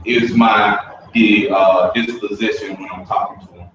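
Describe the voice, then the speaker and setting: A man's voice: fairly low pitch, little pitch movement, normal speed, a bit bright, a little hiss or hum. A man leading a staff training session, explaining in a conversational, anecdotal way. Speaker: workshop trainer. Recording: echoey room from a far mic, dull sound.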